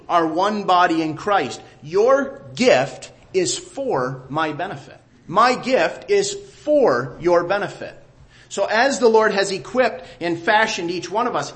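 A middle-aged man preaching a sermon, emphatic and repeating key phrases, sometimes dropping quiet. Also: a little high.

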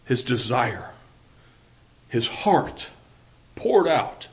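A man with a Southern US accent preaching a sermon to a congregation, earnest, often restarting phrases, swinging between loud emphasis and soft, intimate asides. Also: mid-range voice, big pitch swings, drawn-out words, poor audio.

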